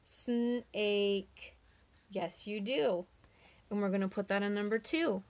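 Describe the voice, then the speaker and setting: A woman with a mid-range, darkish voice teaches young children phonics online. She sounds out words slowly, drawing them out, and asks patient, encouraging questions.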